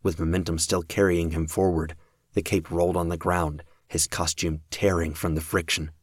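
A male audiobook narrator reads with steady, even storytelling. His voice is very low and deep, and it is recorded close and bone-dry, with no room sound. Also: normal speed, dry recording.

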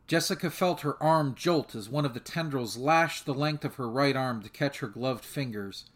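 A man's voice: mid-range voice, normal speed, fairly bright tone. Man narrating a fan audiobook steadily.

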